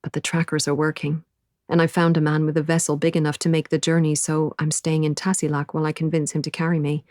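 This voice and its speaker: A woman narrates a first-person audiobook with measured, intimate storytelling. Her voice sits low. The sound is dry and close. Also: flat delivery, darkish tone, dry recording.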